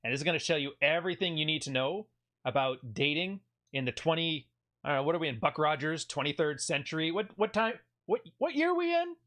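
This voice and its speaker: A man from Canada hosts a commentary video in a sarcastic, jokey way and is quick to laugh. His pitch swings widely and sits a little high. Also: expressive, fairly bright tone.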